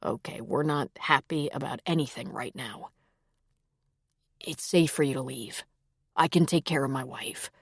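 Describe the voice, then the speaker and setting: A woman voicing a grieving young husband who stays gentle and protective, speaking in a soft, lowered, steady voice. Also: measured pace, pauses often, husky, no echo, clean studio sound.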